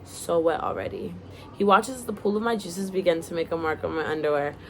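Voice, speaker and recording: A woman's voice: fairly low pitch, brisk, heavy background noise. Young woman reading her story aloud, chatty. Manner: giggly, chatty asides to viewers.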